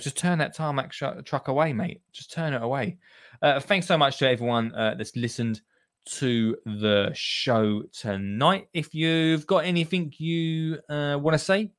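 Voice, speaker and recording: A man's voice: medium pitch, a bit bright, dry recording, studio quality. A man hosting a gardening show, chatting casually and jokily with listeners. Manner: chatty and jokey, with asides to listeners. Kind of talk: casual radio-style show chat.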